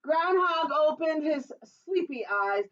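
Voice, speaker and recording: A woman's voice: high voice, lively intonation, slow, a bit bright, far from the mic. A children's librarian, a woman, reading a picture book aloud at storytime and chatting playfully with the kids. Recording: dull lo-fi recording.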